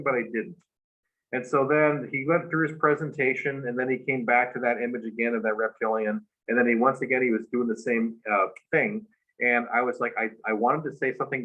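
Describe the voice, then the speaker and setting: A man, a guest, casually telling a long story, animated and full of fillers. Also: medium pitch. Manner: animated retelling with many fillers. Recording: dull lo-fi recording.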